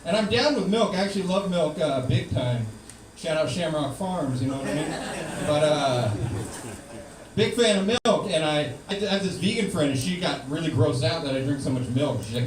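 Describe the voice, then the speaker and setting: A man performs stand-up with a dry, ironic delivery, his voice sitting a bit high for a man. He is recorded from some way off in a reverberant club. A steady hiss runs underneath. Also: normal speed. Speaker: stand-up comedian. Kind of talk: stand-up set. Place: live comedy club. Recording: roomy, distant live room recording with noise.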